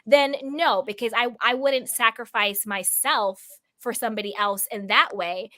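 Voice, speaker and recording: A woman's voice: fairly high pitch, unhurried, pushed and bright. A woman co-hosting a casual chat about a reality show, talking emphatically in long reasoning runs.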